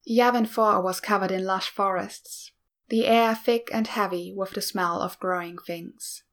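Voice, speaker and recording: A woman reading a story aloud in a calm, measured narration. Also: medium pitch. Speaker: reader. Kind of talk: fan fiction read aloud.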